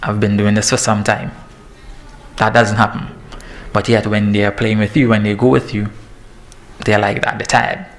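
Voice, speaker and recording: Gravelly low man. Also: normal speed, long pauses. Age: 30s. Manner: lively and joking, laughs at himself. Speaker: fitness trainer giving a talk. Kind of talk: presentation to parents.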